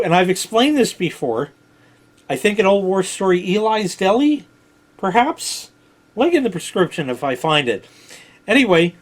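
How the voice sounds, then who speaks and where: Middle-aged New York man, blunt digressive storyteller, high animated voice. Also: a little slow. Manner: blunt, digressive, swears freely. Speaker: vlog host telling stories. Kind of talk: rambling casual storytelling.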